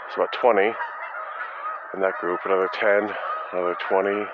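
A man's voice: deep voice, level tone, fairly quick. A man hosting a casual solo podcast outdoors with geese overhead, talking in a rambling, self-mocking, joking way. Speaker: podcast host. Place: outdoors under flocks of flying geese. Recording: dull lo-fi outdoor recording with clear background noise. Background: honking geese and outdoor ambience.

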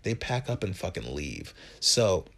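A man in his twenties from Wisconsin, hosting a podcast and telling a comic story in a profane, animated, self-mocking way. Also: deep voice, measured pace, creaky. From Wisconsin, USA. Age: 20s. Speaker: podcast host. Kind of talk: comedic storytelling monologue.

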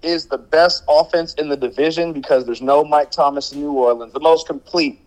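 A man's voice: on the high side, fairly even intonation, a little fast, darkish tone, low-quality recording. A man guesting on a casual sports podcast, laid-back and slangy, joking with the host.

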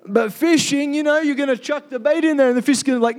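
A man's voice: very high voice, lively intonation, quick pace, few pauses. A man preaching a sermon in a casual, jokey way and calling out for amens. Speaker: pastor.

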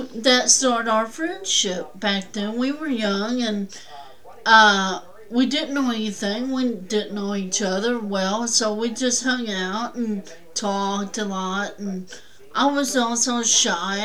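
A woman's voice: mid-range voice, slow pace, a bit bright, low-quality recording. A woman guest on a talk show telling a personal story in a rambling, plainspoken way.

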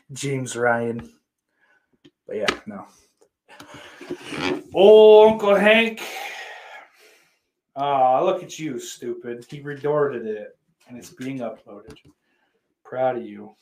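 A man hosting a casual livestream podcast, reading viewer comments aloud and cursing a lot, sarcastic, his voice swinging between loud and quiet. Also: medium pitch, slight background noise. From Irish heritage. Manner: profane, sarcastic, with big swings in loudness.

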